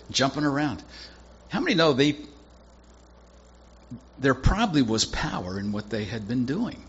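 A man's voice: lowish voice, highs cut off, slight background noise. A man preaching a sermon, retelling a Bible story and acting out the characters' lines. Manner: acts out characters' lines in quick animated voices.

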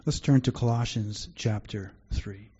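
A man preaches to his congregation in an earnest, conversational way, often circling back to restart a thought. His voice is dark and slightly husky, and the recording sounds dull and muffled. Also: lowish voice, unhurried. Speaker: pastor. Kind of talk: sermon.

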